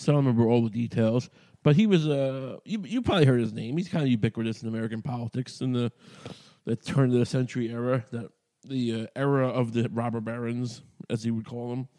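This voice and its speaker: A man's voice: mid-range voice, warm tone. A man from New York hosting a podcast, ranting in a rambling, profane, sardonic way with frequent restarts. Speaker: podcast host. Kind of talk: casual ranting monologue.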